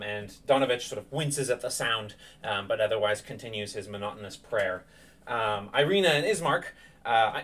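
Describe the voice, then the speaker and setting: A male game master narrates a tabletop session in a mid-pitched, everyday voice, hesitating often with fillers as he sets the scene. The sound comes from slightly away from the microphone, as on a streamed game night. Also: a bit bright, distant mic. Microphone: streaming setup.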